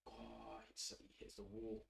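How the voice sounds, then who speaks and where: A man hosting a fan channel, giving live match reaction commentary in an excitable, opinionated way and swearing casually. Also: a little slow, slight background noise. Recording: roomy echo.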